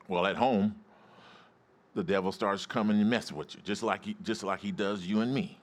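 A man's voice: on the low side, steady tone, normal speed. A male pastor preaching a sermon, emphatic and calling out to his congregation for responses.

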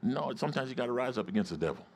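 A man's voice: medium pitch, lively intonation, racing, vocal fry, a little mellow, slight background noise. A male pastor preaching a sermon, emphatic and calling out to his congregation for responses.

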